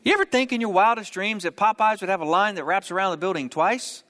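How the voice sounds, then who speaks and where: A man preaching a sermon, telling a story with humorous asides and quick jokes. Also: high voice, sharp tone, big-room sound. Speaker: pastor.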